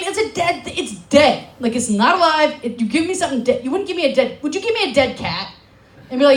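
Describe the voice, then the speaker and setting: A young American woman from Alaska doing a stand-up comedy set on a club stage, brash, sarcastic and full of swearing, with quick asides to the crowd. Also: sits high, lively intonation, reverberant. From Alaska, USA.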